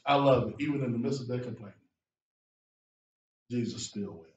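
A man preaching a sermon as a guest preacher, with lively delivery that rises to shouts and drops low for emphasis. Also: moderate pace, highs cut off, a little hiss or hum. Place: church sanctuary. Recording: echoey church room from far off.

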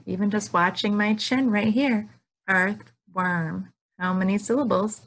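A woman's voice: mid-range voice, creaky, a bit bright. A woman teaching young children from her couch at home, drawing out words and cheering them on in a sing-song way. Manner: slow, drawn-out words with sing-song prompts. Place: living room at home.

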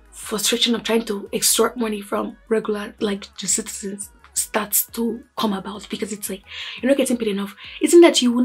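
Young woman vlogger, husky, fairly high voice, exasperated and sighing, soft music under her. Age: young adult. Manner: exasperated, sighing, repeats herself. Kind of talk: frustrated opinion vlog.

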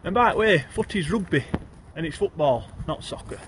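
Animated Yorkshire man reciting verse. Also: fairly high pitch, normal speed, noisy background. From Yorkshire, England. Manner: animated, broad dialect, addresses the listener as thee. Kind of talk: reciting comic rhyming verse.

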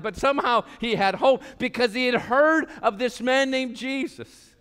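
A man preaching a passionate sermon as pastor of a church, swinging between loud calls and quiet asides. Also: very high-pitched, normal speed, few pauses, clean tone. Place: church sanctuary. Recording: long hall reverb.

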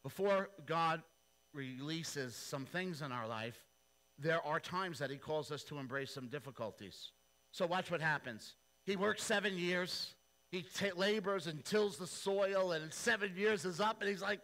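A male pastor preaching a sermon, telling the story in an animated, playful, slangy way. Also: on the high side, measured pace, low-quality recording.

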